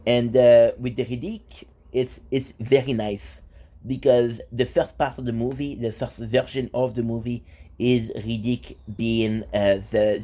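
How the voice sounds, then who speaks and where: Mellow-voiced young man rambling casually. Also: mid-range voice. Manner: rambling, with fillers and restarts. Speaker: vlogger. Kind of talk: casual vlog chat.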